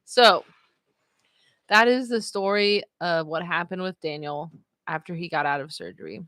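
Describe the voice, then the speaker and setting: On her relaxed live stream, a woman spins a story in a chatty style, laughing often and peppering it with "like" and "you know." Her voice is lowish, animated, and fairly bright, delivered at a moderate pace with no echo.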